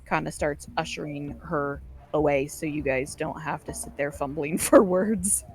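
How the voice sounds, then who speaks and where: A woman with a low, deep voice runs a tabletop game, describing each scene in a loose, casual way. She fills her narration with easy fillers as she sets things up for the players. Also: unhurried, a little mellow, a little hiss or hum. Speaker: game master.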